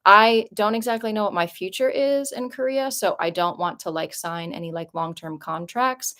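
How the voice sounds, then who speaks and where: A woman's voice: medium pitch, normal speed, a bit bright. A young woman vlogging casually from her apartment, talking in a chatty, rambling way with lots of "like" and rising emotion. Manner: chatty and rambling, heavy use of "like"; emotional, voice jumps up when moved. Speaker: vlogger answering viewer questions. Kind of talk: casual live-stream chat.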